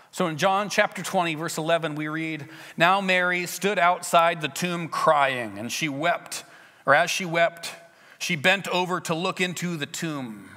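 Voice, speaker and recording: Bright-voiced man preaching in a reverberant hall. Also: a little high. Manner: earnest storytelling, acting out scenes with shifts in loudness. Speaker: pastor. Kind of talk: sermon. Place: church.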